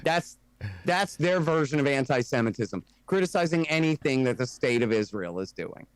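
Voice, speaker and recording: A man from the United States, a guest on a casual podcast interview, talking bluntly and sarcastically, with fast rants and mocking quoted voices. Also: medium pitch, animated, smooth, no echo. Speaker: guest, antiwar radio host and author.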